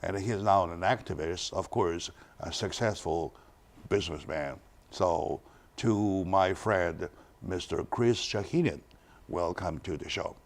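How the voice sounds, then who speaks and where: A man hosting a studio talk show, introducing a guest and speaking in halting phrases with many restarts. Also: low voice, gravelly.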